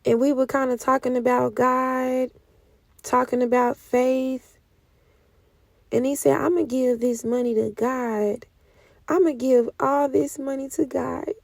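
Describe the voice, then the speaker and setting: High-voiced woman giving slow emotional testimony. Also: fairly even intonation, gravelly, no echo. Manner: emotional, swings from hushed whispers to loud cries; speaks slowly with heavy pauses. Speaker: prophetic speaker. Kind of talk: testimony sermon.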